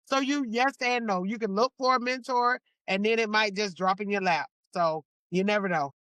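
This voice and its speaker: Woman, podcast guest, earnest church advice, heartfelt, dry close sound, average pitch. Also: moderate pace, no room sound. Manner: earnest, warm advice-giving, exclaims to the Lord. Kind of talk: casual faith podcast conversation.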